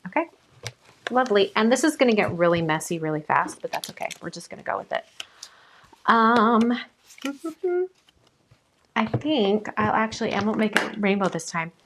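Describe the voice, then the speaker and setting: A woman's voice: medium pitch, brisk, background noise. Chatty woman demonstrating a craft live. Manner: chatty, upbeat, narrates her hands. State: has the hiccups. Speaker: crafting host.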